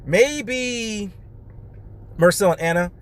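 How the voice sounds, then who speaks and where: A man's voice: high voice, expressive, takes it slowly, smooth. A man hosting a podcast, casually recapping a reality show episode in a loose, chatty way and talking straight to his listeners.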